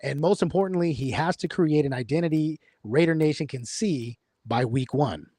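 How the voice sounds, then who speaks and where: A man's voice: a little high, moderate pace, dark tone, husky, no echo, studio quality. Rambling man talking sports. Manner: rambling, many fillers and restarts. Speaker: podcast host. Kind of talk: casual sports talk.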